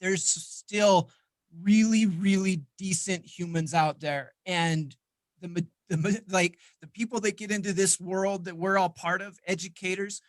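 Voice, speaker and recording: Middle-aged guy hosting a panel, high voice, upbeat, dry close sound. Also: fairly even intonation, unhurried, dry recording. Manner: upbeat, encouraging. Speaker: panel host. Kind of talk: moderating a panel discussion.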